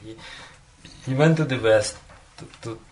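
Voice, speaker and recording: A man's voice: mid-range voice, measured pace, a little hiss or hum. A man giving a devotional talk as a spiritual teacher, telling a story and often chuckling between phrases, with frequent "you know" fillers.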